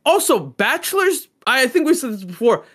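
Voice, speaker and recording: A man's voice: very high-pitched, big pitch swings, normal speed, fairly bright tone. A young man co-hosting a podcast in casual chat, ranting with heavy swearing and emphasis. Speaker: podcast co-host.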